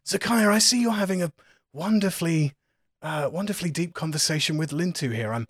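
A man's voice: a little high, brisk, fairly bright tone, slightly rough, no echo, studio quality. A man voicing a genial, courteous male inventor in hiding in a tabletop game. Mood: polite. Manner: courteous, fussy and polite.

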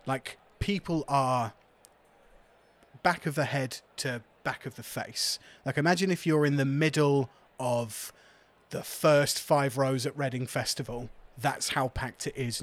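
A man's voice: mid-range voice, a bit bright. A man narrating a tabletop game as game master, casual and descriptive, swearing at times.

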